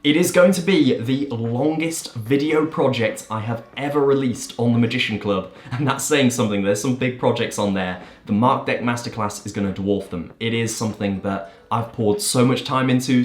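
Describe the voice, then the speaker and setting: An enthusiastic man hosts his own magic channel, answering viewer questions with emphatic energy. His voice sits at an ordinary middle pitch. The recording has a noticeably roomy echo. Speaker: magician and video host.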